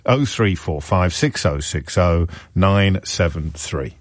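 Male radio host, brisk, interrupting, dry studio mic. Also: deep voice, lively intonation, dry recording. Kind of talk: talk radio phone-in. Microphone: studio microphone.

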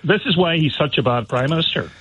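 A man's voice: a little high, fast talker, pushed and bright, breathy edge. A man calling in to a radio show, talking indignantly and insistently. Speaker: caller. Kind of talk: phone-in call. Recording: tinny phone line.

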